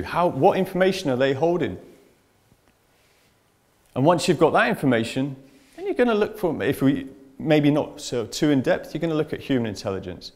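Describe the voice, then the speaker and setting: Presenting on information security to a live conference audience, this man talks in a chatty, anecdotal way and addresses the audience directly. His voice is a little high and a little mellow.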